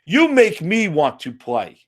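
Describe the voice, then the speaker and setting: A man's voice: high voice, huge pitch swings, slow pace. A man from the United States ranting about a video game, profane, exasperated and sarcastic. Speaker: gaming commentator. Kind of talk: ranting monologue.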